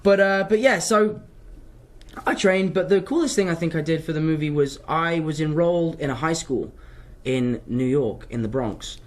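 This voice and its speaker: A man's voice: a little high, normal speed. A young man from London answers fan questions in an English accent, his voice sitting slightly above the usual male range. He talks loosely and cheerfully, wandering off track as he goes, in the easy manner of a casual live Q&A. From London, England. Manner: rambling, chatty, wanders off track.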